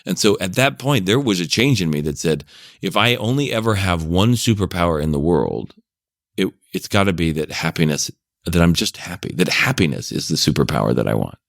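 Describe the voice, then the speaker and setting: A deep-voiced middle-aged man talks casually, wandering through long stories and chuckling between thoughts. The sound is dry and close, with no room around it. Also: animated, brisk, vocal fry, no room sound. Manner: rambling storyteller, chuckles often. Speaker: podcast guest, parenting coach. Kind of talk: casual chat.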